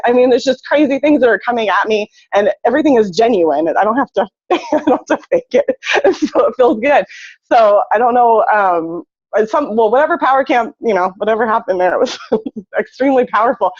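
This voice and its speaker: An excited woman tells her story on a group video call, laughing often and jumping up in pitch as she gets going. Her voice is dry and close, with the dull, lo-fi sound of call audio. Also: brisk, no room sound. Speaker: team member sharing a testimonial on a group call. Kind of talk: casual testimonial on a video call.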